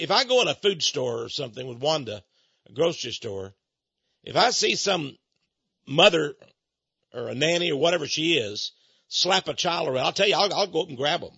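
Male radio talk host, high bright husky voice, indignant rants, dull lo-fi sound. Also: no echo. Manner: indignant ranting, swinging between hushed asides and loud outbursts. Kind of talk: opinionated radio commentary.

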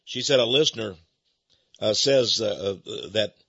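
A Texan man hosts a religious radio program, his booming voice swelling into fired-up rants. His tone is bright and forceful but husky, with a gravelly edge. The broadcast sounds dry and dull, like lo-fi radio. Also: unhurried, no echo. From Texas. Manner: booming, gets carried away into impassioned rants. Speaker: radio host. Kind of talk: religious radio talk and preaching.

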